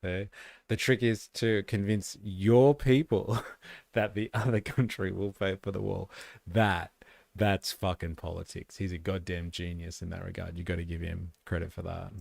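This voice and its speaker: A man's voice: low voice, flat delivery, normal speed, vocal fry, a little mellow, no room sound. A man giving sarcastic, profane, opinionated commentary on a casual livestream. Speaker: streamer and commentator.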